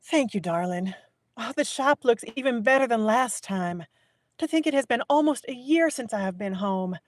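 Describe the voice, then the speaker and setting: A woman voicing a glamorous, affectionate female touring star who gushes with warmth. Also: on the high side, animated, normal speed, dry recording, pitched above the performer's own voice, lightly acted. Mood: gushing.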